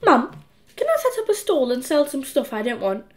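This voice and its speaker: A woman voicing a bratty schoolboy who yells, whines and demands things in an audiobook. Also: sits high, very animated, normal speed. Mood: scheming. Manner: shouty, sulky, demanding. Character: bratty schoolboy yelling and whining. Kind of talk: audiobook character voice.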